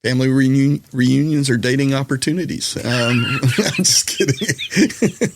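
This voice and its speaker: This mid-range male voice moves at a measured pace against background noise. A comedian and musician from Colorado with a Southern US accent, he is a podcast guest telling rambling, self-deprecating stories packed with fillers in casual chat.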